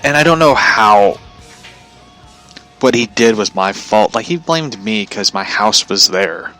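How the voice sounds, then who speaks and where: A man's voice: lowish voice, expressive, a little slow, bright, forceful tone, faint music behind. A man hosting his show from home, telling a story as a profane, aggravated rant. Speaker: show host. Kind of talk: ranting storytelling.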